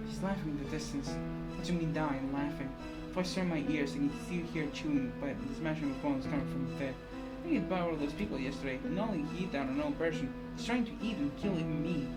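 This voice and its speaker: A woman streamer giving an intense dramatic reading of a visual novel, swinging from hushed whispers to loud cries. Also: deep voice. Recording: clear background music.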